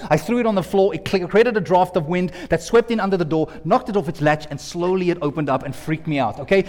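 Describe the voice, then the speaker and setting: A man preaching a lively, joking sermon, talking straight to his congregation in a church hall. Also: high-pitched. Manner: lively, jokey, talks directly to the audience. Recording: long hall reverb.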